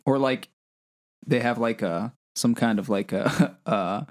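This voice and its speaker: A man's voice: medium pitch, slow pace. Give me a laid-back podcast guy telling a story. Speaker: podcast co-host. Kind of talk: casual chat.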